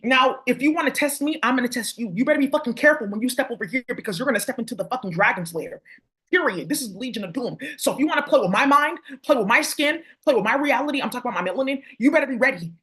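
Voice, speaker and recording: A woman's voice: fairly high pitch, fairly bright tone. A woman vlogger talking casually to her viewers, rambling, swearing and turning confrontational. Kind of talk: casual spiritual rant to viewers.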